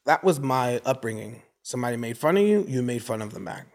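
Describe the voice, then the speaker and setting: Fairly quick and barely pausing, a mid-range male voice rattles through stories in a casual interview. The speaker, an American man in his forties, animatedly impersonates voices from his neighborhood.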